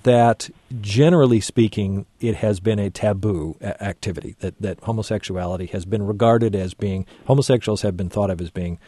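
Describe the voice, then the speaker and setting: Low, mellow radio host. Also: male voice, normal speed, hardly any pauses, no room sound. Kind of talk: radio talk show hosting.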